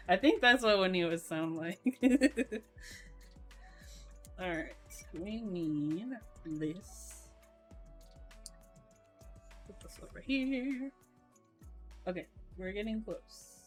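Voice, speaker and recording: A young woman streaming, chatting casually while she builds a keyboard, in a voice she calls monotone and with frequent laughter. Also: medium pitch, drawn-out words, long pauses, soft background music. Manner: self-described monotone voice, laughs often.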